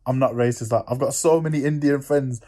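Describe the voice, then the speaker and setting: Animated young man bantering. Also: mid-range voice, a little fast. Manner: animated, laughs often, jokey. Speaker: podcast co-host. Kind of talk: casual banter.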